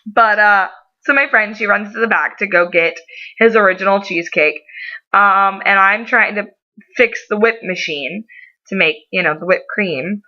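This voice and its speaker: A woman's voice: mid-range voice, normal speed, pushed and bright. A young woman vlogger chatting casually to camera, rambling through a story with lots of ums and laughs. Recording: dull lo-fi audio.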